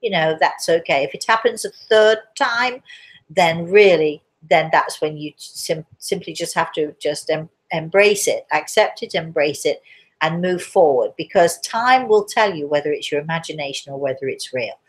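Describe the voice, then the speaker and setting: A hoarse woman with a cough, hosting a live spiritual Q&A, chatty and reassuring, calling listeners darling. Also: low-pitched, moderate pace. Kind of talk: live-stream chat answering viewers.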